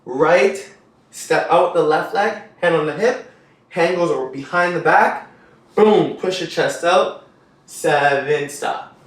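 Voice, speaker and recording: A young man leads a dance tutorial in a lively, upbeat way, counting beats and scatting rhythms as he moves. His voice sits a little high. It rings through a very echoey room, heard from some distance off the mic. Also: slow. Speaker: dance instructor.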